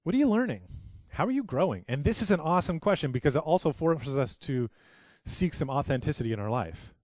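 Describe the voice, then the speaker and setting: Earnest, fairly high-voiced male pastor preaching. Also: animated, a little fast, a little mellow, dry recording. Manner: earnest, conversational preaching with frequent restarts. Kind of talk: sermon.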